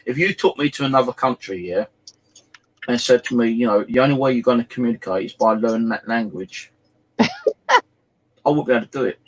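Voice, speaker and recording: A middle-aged man with an English accent, host of the show, chatting casually and telling animated anecdotes full of "you know" fillers. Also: medium pitch, brisk, pauses often, a little hiss or hum, rough recording. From England. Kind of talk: casual storytelling chat.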